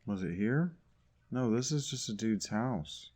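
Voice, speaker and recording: Sarcastic and grumbling, a man comments on a video game he's playing in a casual let's-play video for his YouTube channel. His medium-pitched voice keeps a measured pace.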